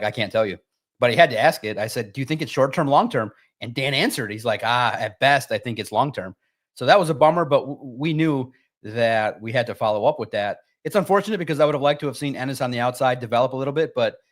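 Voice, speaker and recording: A man co-hosting a sports talk show, talking casually and emphatically, often jumping high in pitch to stress a point.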